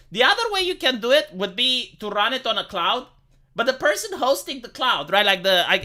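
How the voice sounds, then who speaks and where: A man's voice: very high-pitched, bright, forceful tone. A man from Romania, ranting casually to his live-stream viewers, swearing freely and stammering over repeated words. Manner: profane, stammering, repeats words when worked up.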